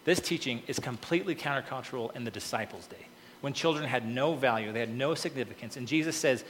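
A male pastor preaches in a casual, talky way, breaking up his scripture reading with quick "okay" asides. His voice sits at an ordinary middle pitch. The sound carries a long reverb tail from a church hall, with a faint hum of room ambience behind it. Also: a bit bright. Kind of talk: sermon.

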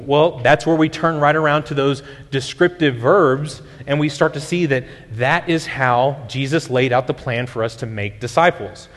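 A man's voice: a little high, moderate pace, hardly any pauses. A male pastor, preaching a sermon in a conversational teaching way, often restarting his sentences. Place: church sanctuary. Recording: long hall reverb.

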